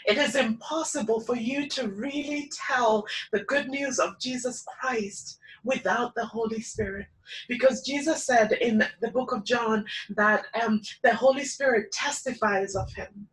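Casting note: a young woman with a slightly high voice, giving a chatty, personal sermon with frequent filler ums. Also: measured pace, far from the mic, rough recording. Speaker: preacher. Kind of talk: informal sermon.

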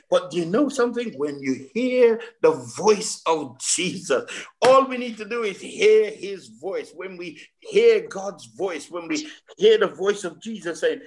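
A man preaching a fervent sermon to his congregation, stammering through restarts and drawing out key phrases slowly for emphasis. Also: high-pitched, expressive. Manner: addresses the congregation as saints.

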